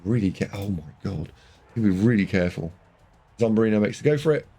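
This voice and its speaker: Excitable male game caster, deep-ish voice. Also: brisk, slightly rough. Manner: excitable, swings from loud shouts to muttered asides. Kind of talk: excited match commentary.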